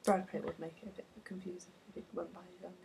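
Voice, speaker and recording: A woman's voice: lowish voice, little pitch movement, very fast, vocal fry, darkish tone, slightly rough. A young woman chatting casually, cutting in with dry, skeptical remarks. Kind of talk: casual comedic chat.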